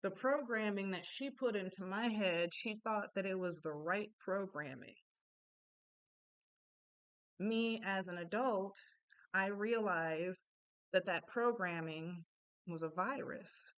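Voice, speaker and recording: A woman's voice: mid-range voice, takes it slowly, pauses often, fairly bright tone, clear, resonant tone, no room sound. A woman in her thirties, a self-help speaker talking in a casual, reflective way and often checking in with listeners. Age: 30s. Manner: conversational, often asks "right?" of listeners.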